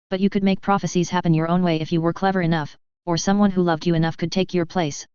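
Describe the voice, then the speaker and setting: A woman narrating a fan story audiobook with steady, even storytelling. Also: fairly low pitch, clean tone, no echo, lo-fi sound.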